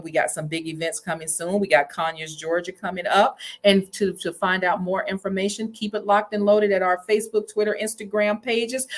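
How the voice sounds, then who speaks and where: A woman co-hosting a promotional talk show, energetic and salesy, repeating herself as she pitches. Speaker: co-host.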